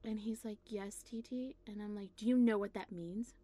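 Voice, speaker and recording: A woman casually telling an anecdote to a friend, animated and laughing often. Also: mid-range voice, normal speed. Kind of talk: casual storytelling chat.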